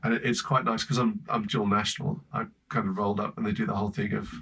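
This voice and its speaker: English man, husky voice, animated storyteller, podcast guest, casual chat. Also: fairly low pitch, fast talker. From Britain. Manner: animated storyteller, laughing often.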